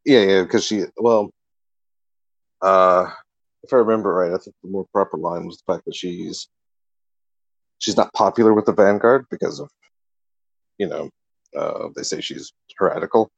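A man co-hosting a casual gaming podcast, husky and hesitant, filling his talk with agreeing yeahs. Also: deep voice, normal speed, pauses often, dry recording, lo-fi sound. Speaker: podcast co-host.

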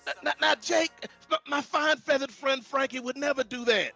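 A man's voice: very high-pitched, normal speed, vocal fry, pushed and bright, faint music behind, exaggerated voice. A man playing a goofy wrestler with a pet bird, who stammers and gets flustered.

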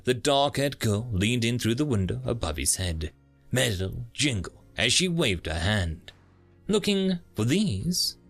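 A man narrating a thriller audiobook in a dramatic, low-voiced storytelling manner. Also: a bit bright.

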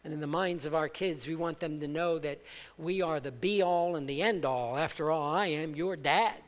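A male pastor preaching a passionate sermon in a church, swelling from soft, measured lines to loud exhortation and leading the congregation in call-and-response. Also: on the high side, big-room sound. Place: church sanctuary.

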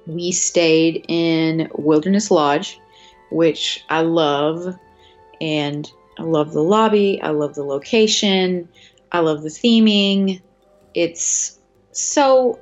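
A woman's voice: fairly low pitch, lo-fi sound. A young woman hosting a podcast, chatting casually and reacting eagerly. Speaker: podcast host. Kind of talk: casual chat.

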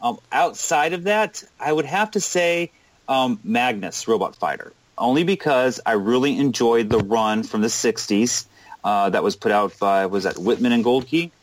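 A man's voice: mid-range voice, moderate pace, low-quality recording. A man chatting casually as a podcast co-host, rambling a little with hesitations. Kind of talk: casual chat about comics.

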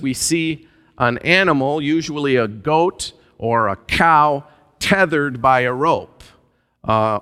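A male pastor preaching a sermon in a relaxed, conversational way, musing aloud with frequent filler sounds. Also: medium pitch, clear, resonant tone, in a large hall. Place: church sanctuary.

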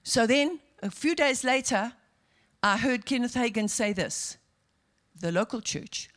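A woman pastor from South Africa preaching a sermon, moving between quiet asides and fervent, rising outbursts. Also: on the high side, lively intonation, measured pace.

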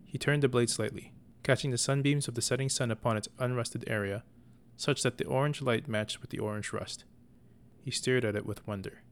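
A man reading a fantasy story aloud as narrator, in an even, measured delivery. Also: medium pitch. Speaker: audiobook reader.

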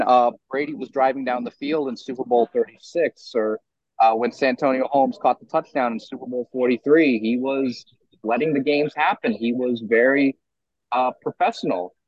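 A young man in his twenties co-hosting a sports podcast, ranting in an animated way with lots of restarts. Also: mid-range voice, normal speed, no echo, dull audio. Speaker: podcast co-host. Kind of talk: casual sports talk.

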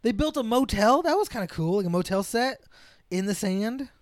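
A man co-hosting a casual movie review podcast, excitable and profane, laughing often as he retells favorite scenes. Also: sits high, normal speed, no room sound, studio quality. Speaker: podcast co-host.

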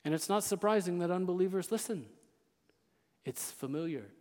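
A man preaching a sermon as pastor, with impassioned delivery that swings between loud proclamation and hushed intensity. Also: high voice, expressive, moderate pace. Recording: long church reverb.

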